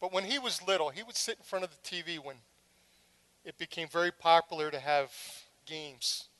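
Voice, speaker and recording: A middle-aged woman delivers a sermon in a lively, storytelling manner. She acts out scenes with dramatic flair and drops wry humorous asides between her points. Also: lowish voice, normal speed. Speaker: preacher.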